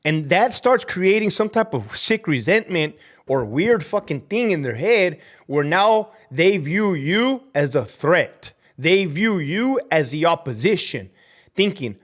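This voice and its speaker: Man, somewhat high voice; furious, foul-mouthed ex-prison guard on a livestream. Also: very animated, a little slow. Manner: profane, heated, ranting; drops Spanish slang into English. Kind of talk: livestream rant reading viewer comments.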